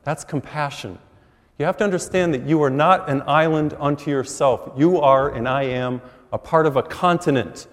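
Middle-aged priest preaching in a reverberant church. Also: male voice, a little high, moderate pace. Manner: animated storytelling with acted quotes. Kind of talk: sermon. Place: large church.

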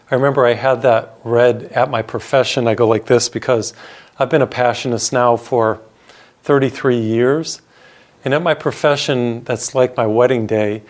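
Middle-aged priest guy preaching, earnest, tells stories, mid-pitched voice. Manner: earnest storytelling preacher, repeats phrases for emphasis. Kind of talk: radio sermon.

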